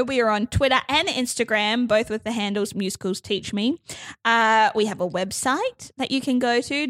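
A woman's voice: moderate pace, fairly bright tone, dry recording, studio quality. A woman hosting a podcast, reading out her show's contact details in a chatty, upbeat way. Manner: chatty, upbeat, swoops up in pitch. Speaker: podcast host. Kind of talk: casual podcast chat.

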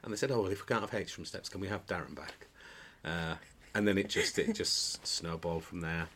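A man's voice: sits low, a little fast, a bit bright, slight background noise. A man, a pantomime dame actor, chatting as a podcast guest, telling jokey anecdotes with frequent restarts and bursts of laughter. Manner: storytelling, jokey, many restarts, breaks into laughter. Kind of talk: casual chat, anecdotes. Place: indoor podcast recording.

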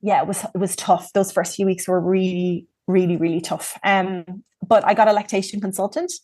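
A woman's voice: medium pitch, steady tone, normal speed, darkish tone, husky, no echo. A woman from Ireland, speaking as a guest and frankly telling her own story in casual conversation, with plenty of ums and likes.

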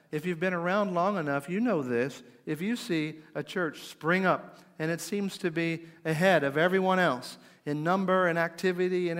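A middle-aged man preaching a conversational sermon, asking his listeners questions and dropping to a quiet, slow voice for emphasis. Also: a little high. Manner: conversational, asks the audience questions. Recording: long hall reverb.

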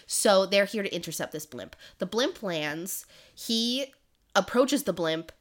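A woman's voice: medium pitch, expressive, a little slow. A woman co-hosting a podcast, casually recapping a book plot in a rambling way with lots of "um" and "like". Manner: rambling, full of "um" and "like". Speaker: podcast co-host.

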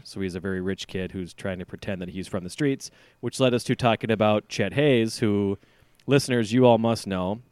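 A man's voice: on the low side, a little mellow, smooth, no echo. Rambling, joking man hosting a podcast. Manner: rambling, joking, self-deprecating. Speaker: podcast host. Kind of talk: casual chat.

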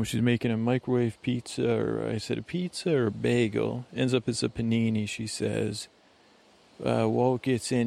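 A man's voice: medium pitch, creaky, darkish tone. A man hosting a bedtime podcast, giving a meandering, digressive recap full of fillers and restarts. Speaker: podcast host.

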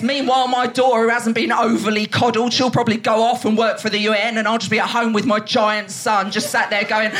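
A woman performing brash, sweary stand-up comedy on a theatre stage, telling stories fast to a live audience. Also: a little high, level tone, noisy background.

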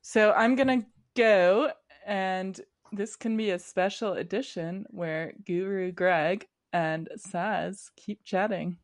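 A woman's voice: mid-range voice, slow, few pauses. A woman hosting a podcast, chatty and giggly in casual conversation. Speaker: podcast host. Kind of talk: casual chat.

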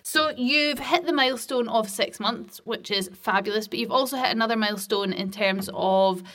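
A woman's voice: fairly high pitch, moderate pace, heavy background noise. A woman hosting a casual podcast, telling chatty stories in a friendly way. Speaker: podcast host.

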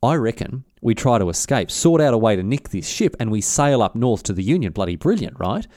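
A man's voice: mid-range voice, big pitch swings, fairly quick, a little mellow, no room sound, studio quality, natural voice. Man playing a cocky scheming ship pilot. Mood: confident. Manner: breezy slangy mate-talk.

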